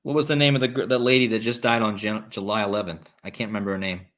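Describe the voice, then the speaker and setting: A man's voice: on the low side, little pitch movement, quick pace, a bit bright. A man hosting a casual live stream, rambling with restarts and reading viewer comments aloud. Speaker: livestream host.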